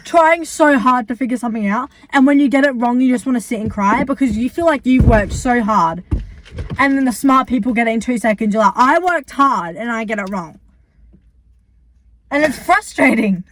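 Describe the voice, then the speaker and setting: A young woman with a somewhat high voice co-hosts a casual chat. She tells long, rambling stories at her own expense. She swears casually as she goes. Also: expressive, moderate pace, a little hiss or hum. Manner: rambling, self-deprecating storytelling, swears. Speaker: co-host.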